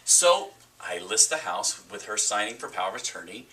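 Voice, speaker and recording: A man's voice: lowish voice, sing-song, normal speed, bright, forceful tone, distant mic. A man hosting a casual chat about real estate, joking and teasing his co-host. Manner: jokey, teasing.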